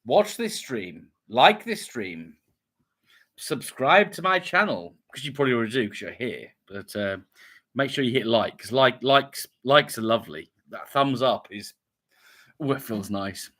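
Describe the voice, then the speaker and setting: A man's voice: medium pitch, animated, a little slow, fairly bright tone. A man hosting a casual live stream, chatting in a rambling way as he greets viewers and reads out their comments. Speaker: YouTube channel host.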